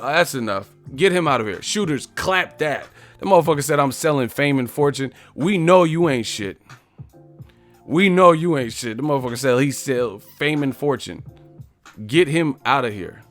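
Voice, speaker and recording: A brash male livestream host who mocks his chat, swearing freely and firing challenges at the viewers. His voice sits at a middle pitch, with faint music playing behind him. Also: fairly bright tone. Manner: confrontational, profane, mocking. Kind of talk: live-stream chat, roasting commenters.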